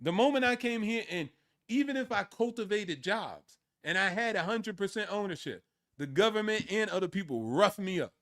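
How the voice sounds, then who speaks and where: A man talking in a relaxed group discussion, his pitch sitting a little above the usual. He tells stories with animation and slips into quick voices for the people he quotes. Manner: animated storytelling, acting out quoted locals. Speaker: panel guest living in Thailand.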